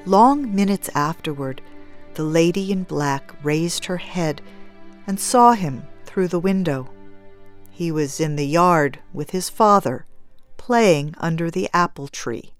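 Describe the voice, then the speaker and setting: A woman narrating a story in a measured, even storytelling manner. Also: on the low side, faint music behind.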